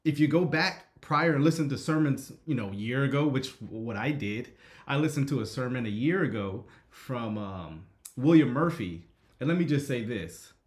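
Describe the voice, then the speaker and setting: A man's voice: medium pitch, animated, moderate pace, echoey room. A man hosting a live stream, talking casually with frequent "right?" checks and reading viewers' comments aloud. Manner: conversational, frequent "right?" checks, reads chat. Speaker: host.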